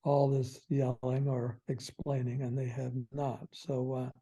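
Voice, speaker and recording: A man's voice: mid-range voice, little pitch movement, measured pace, dark tone, husky. An older man, a guest expert on a podcast, explaining in a folksy way and acting out little quoted phrases with chuckles.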